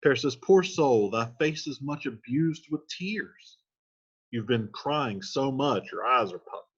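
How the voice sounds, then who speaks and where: Male teacher, casual line-by-line play explainer, husky voice, lo-fi sound. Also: medium pitch, unhurried. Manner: reads old lines then paraphrases them in slangy modern speech.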